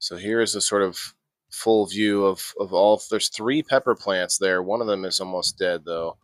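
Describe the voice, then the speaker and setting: Over faint music, an indoor gardening host chats loosely at normal speed in a low voice, with plenty of restarts and laughs. The recording is dry and clean, with studio sound.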